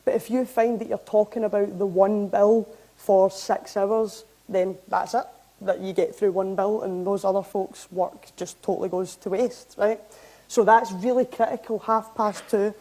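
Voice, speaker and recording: A young Scottish woman giving a public talk, recounting events in a lively, anecdotal way. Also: mid-range voice, moderate pace, low-quality recording. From Scotland. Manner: lively anecdotal, animated when amused. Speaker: member of parliament giving a talk. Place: hall, talk to an audience.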